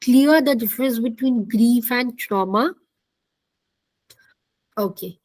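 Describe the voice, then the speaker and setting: High-voiced woman teaching a class. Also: slow, darkish tone, dry recording, low-quality recording. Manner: explanatory, repeats key points, asks the class questions. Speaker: counselling instructor. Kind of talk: online class lecture.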